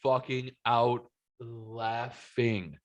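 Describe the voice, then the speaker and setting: A man's voice: mid-range voice, fairly even intonation, drawn-out words, muffled recording. A man hosting a podcast in casual, profane, rambling chat. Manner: profane, rambling, laid-back. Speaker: podcast host.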